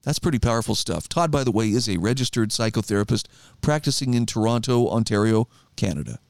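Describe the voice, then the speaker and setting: A man's voice: on the low side, lively intonation, a little fast, gravelly, a little mellow, no room sound. A middle-aged man hosts his talk radio show, speaking in a conversational, reflective monologue. His voice moves animatedly up and down while he reads passages aloud with emphasis. The studio sound is dry and close.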